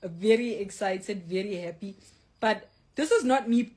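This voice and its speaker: Streaming casually from her home, a young woman reads out viewer comments and answers them with blunt, self-described meanness, peppering her live chat with "like." She speaks at normal speed in a medium-pitched, darkish, slightly rough voice.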